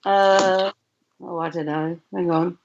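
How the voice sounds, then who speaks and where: A woman's voice: lowish voice, fairly even intonation, slow, creaky, slight background noise. A woman from England who reads tarot and acts, chatting casually as a co-host and rambling with restarts and asides. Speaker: tarot reader and actress, co-host. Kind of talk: casual chat. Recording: dull, muffled lo-fi sound.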